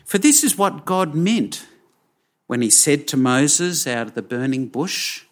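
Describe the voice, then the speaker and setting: A man preaching a sermon, slow and emphatic, with dramatic pauses. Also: fairly high pitch, expressive.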